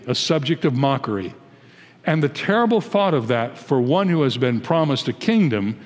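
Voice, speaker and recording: An American man in his eighties, a pastor giving an emphatic, deliberate sermon in a large church. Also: medium pitch, big-room sound. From United States. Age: 80s. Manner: emphatic, deliberate preaching that rises into pleading when quoting prayers.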